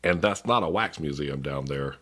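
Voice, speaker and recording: Deep-voiced man narrating with dry wit. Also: normal speed, fairly bright tone, slightly rough. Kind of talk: explanatory video narration.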